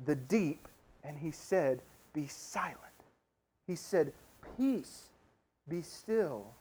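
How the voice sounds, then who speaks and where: A preacher giving a sermon, emphatic, stacking repeated phrases and swinging between loud declarations and hushed lines. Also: mid-range voice.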